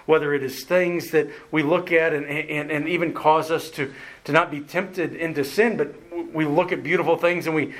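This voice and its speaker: Slow, emphatic male preacher. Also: on the high side, fairly bright tone. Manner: emphatic, repeats words for emphasis, slow deliberate delivery with dramatic pauses. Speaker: pastor. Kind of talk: sermon.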